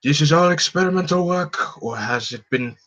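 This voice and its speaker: A menacing supervillain gloats in a raised, sneering voice, pushed up high and loud, as a man reads him in a comic book live read. Every line lands with heavy emphasis. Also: normal speed. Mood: gloating. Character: menacing male villain, power-hungry and gloating.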